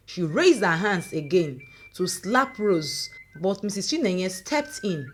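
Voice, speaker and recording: A woman, reading a dramatic folk story aloud in a lively, folksy manner. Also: on the low side, a little slow, a little hiss or hum. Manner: lively folksy narration with local similes. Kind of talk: scripted story narration.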